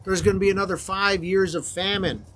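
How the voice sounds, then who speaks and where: A man's voice: high voice, little pitch movement, brisk, a bit bright, slight background noise, voice pushed up. Joseph, a man voicing a forgiving brother. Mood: reassuring. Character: Joseph, grown man revealing himself to his brothers, forgiving.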